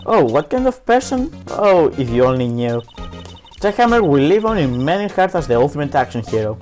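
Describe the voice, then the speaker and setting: A let's player voicing a nosy, cranky old woman security guard who scolds and gossips in a shrill voice. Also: very animated, a little fast, a little mellow, soft background music, natural voice. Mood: gushing. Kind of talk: let's play voice acting.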